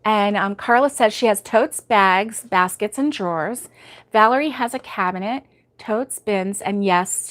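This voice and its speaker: Woman, middle-aged, live craft host, chatty, laughs a lot, medium pitch. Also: a little slow. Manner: chatty, laughs often, reads viewer comments aloud. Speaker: host of a live crochet stream. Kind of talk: casual live-stream chat.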